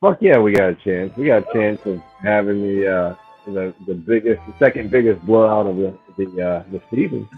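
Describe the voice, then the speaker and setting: Sick low-voiced guy, husky, on a tinny mic. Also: moderate pace. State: sick with a cold, clearing throat. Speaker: podcast co-host. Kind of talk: casual sports chat. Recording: husky voice on a bad tinny mic with faint music.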